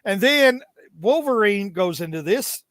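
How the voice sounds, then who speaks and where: A man's voice: high-pitched, expressive, measured pace, fairly bright tone, no room sound. A man hosting a comic book podcast, talking casually and animatedly, laughing often and reading lines from the comic in mock voices. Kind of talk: casual chat.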